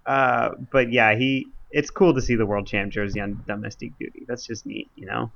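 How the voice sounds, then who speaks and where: A man co-hosting a casual cycling podcast, chatty and relaxed with lots of "like" and "you know". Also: mid-range voice, normal speed, gravelly, highs cut off. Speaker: podcast co-host.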